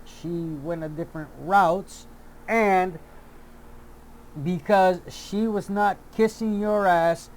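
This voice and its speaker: A man with a fairly high voice delivers an angry commentary rant at a slow, deliberate pace. He swears freely, circles back over the same points and keeps restarting his sentences. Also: slight background noise. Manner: heated, profane, repeats himself and restarts often. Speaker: YouTube commentator.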